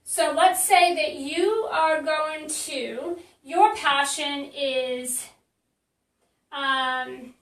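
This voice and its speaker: A woman's voice: high voice, drawn-out words, a bit bright, roomy sound, distant mic, low-quality recording. A woman marketing coach teaching in a casual live stream, chatty and blunt, with many fillers and restarts.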